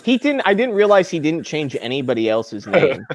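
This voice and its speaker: A man's voice: on the high side, sing-song, no echo. A man co-hosting a podcast, joking playfully in casual chat. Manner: playful, laughing, quick jokes. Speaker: podcast co-host.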